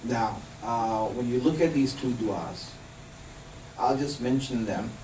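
This man's mid-range voice has a dark tone and a slow delivery, with a little hiss or hum underneath. He's a religious teacher leading a live group, explaining patiently and asking them questions. The mic is distant and the room echoes.

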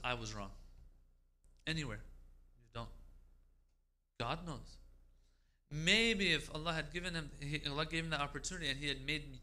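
A man's voice: fairly high pitch, pushed and bright. A man giving a religious lecture, speaking emphatically, asking rhetorical questions and quoting Arabic prayers.

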